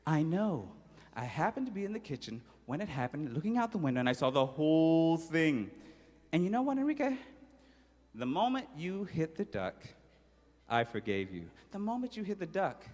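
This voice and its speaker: A man speaking as a gentle forgiving mother. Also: a little high, normal speed, long reverb tail. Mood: tender. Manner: soft, calm, reassuring.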